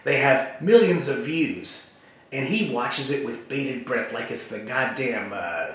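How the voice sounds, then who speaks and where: Rambling deadpan man in an echoey room. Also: medium pitch. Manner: rambling, deadpan, jumps between topics; halting, many fillers and restarts. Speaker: host. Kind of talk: rambling comedic monologue to camera.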